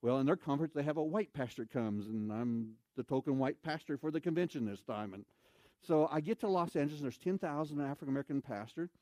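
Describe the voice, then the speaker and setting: A man preaching from the pulpit, moving from conversational storytelling to loud emphatic bursts. His voice sits a little high for a man. The sound is dry and close, with little room echo. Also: fast talker. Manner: animated storytelling, acts out voices, shouts for emphasis. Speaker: pastor. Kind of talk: sermon. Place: church sanctuary.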